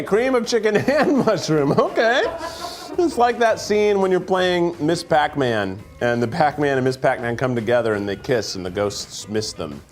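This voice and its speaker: A man hosting a casual food-tasting chat, joking and rambling and laughing easily between bites. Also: medium pitch. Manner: jokey, rambling, quick to laugh. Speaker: host. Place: studio set with food conveyor belt.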